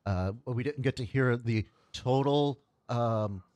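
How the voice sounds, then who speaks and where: A man's voice: medium pitch, slow pace, a little mellow, no echo. A man hosting a podcast interview, casual, teasing and easygoing. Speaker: podcast host.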